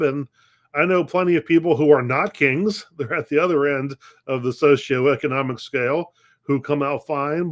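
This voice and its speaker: A middle-aged man pastor teaching a conversational Bible lesson, posing questions and answering them, often restarting phrases. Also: on the high side. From United States.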